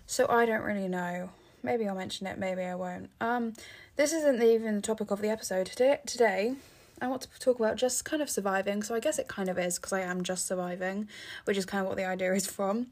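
A woman's voice: medium pitch, fairly quick, a little mellow. A teenage girl from England hosting her own podcast, rambling casually with many fillers and restarts, sounding tired. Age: teens. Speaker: podcast host. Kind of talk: casual monologue.

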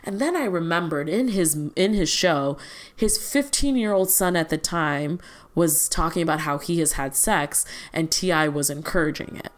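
A woman with a low-pitched voice speaks at normal speed as a podcast co-host. Her casual chat rambles through stories, full of ums and asides.

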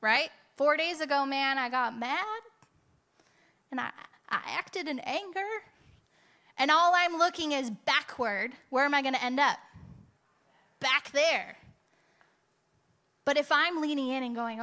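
A woman's voice: sits high, a little slow, long pauses, bright, forceful tone. A woman preaching a conversational, emphatic sermon to her church, full of rhetorical asides.

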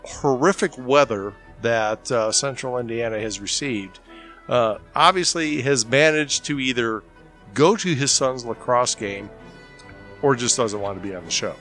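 A man's voice: mid-range voice, a bit bright. A man hosting a movie podcast in a laid-back, rambling way, chuckling often. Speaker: podcast host. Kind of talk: casual podcast chat.

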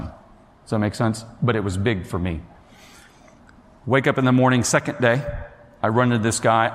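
Guy telling a story to a crowd, chatty, keeps checking in with listeners, long echoey hall. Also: mid-range voice. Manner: chatty, addresses the listeners directly, acts out quotes. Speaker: speaker telling a personal story. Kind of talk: storytelling talk to an audience.

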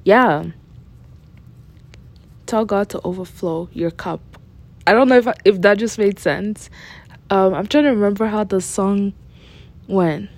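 Slow, earnest woman sharing her faith. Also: mid-range voice. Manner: earnest, candid, repeats phrases for emphasis. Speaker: faith podcast host. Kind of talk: personal devotional talk.

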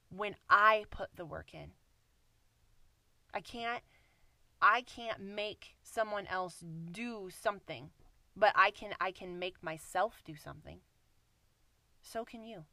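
Earnest, bright-voiced woman giving a devotional. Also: medium pitch, no echo. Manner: earnest and conversational, addresses listeners as "you guys"; emphatic, repeats phrases for stress. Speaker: Christian speaker. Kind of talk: devotional message closing in prayer.

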